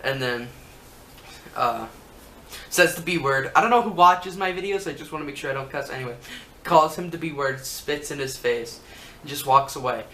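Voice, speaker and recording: A man rambling casually as a wrestling vlogger, pitching his own storyline ideas. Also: normal speed, sharp tone. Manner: rambling, chatty, lots of fillers. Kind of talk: casual fan commentary. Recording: roomy room echo, faint hum.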